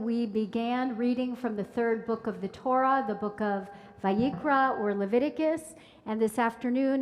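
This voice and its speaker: A woman leading a synagogue service who tells a story as a sermon in a slow, measured way. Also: on the high side, a little mellow. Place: synagogue sanctuary. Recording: long reverb in a large hall.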